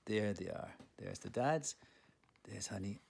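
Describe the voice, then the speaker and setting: A man's voice: lowish voice, a little slow, vocal fry, darkish tone, slight background noise. A man reading his own picture book aloud to children, playful and engaging, with some whispered asides.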